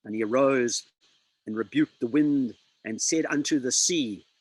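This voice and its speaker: A man preaching a sermon, dramatic and emphatic, quoting scripture with slow pauses. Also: mid-range voice, slightly rough, dry recording, rough recording.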